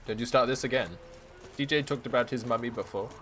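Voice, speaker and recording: A man's voice: medium pitch, fast, fairly bright tone, soft background music. A man streaming a video game, joking and teasing through playful commentary. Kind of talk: gameplay commentary.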